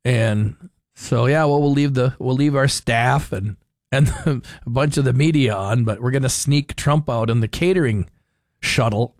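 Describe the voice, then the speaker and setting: In casual talk radio commentary, a man rambles through the news with wry humor and plenty of chuckles into a studio mic. His mid-range voice runs a little slow, and the recording is dry.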